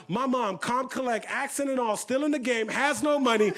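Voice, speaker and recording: A man giving a storytelling keynote at an event, animated and repeating phrases for emphasis. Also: very high-pitched, quick pace, hardly any pauses. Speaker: keynote speaker. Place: event stage.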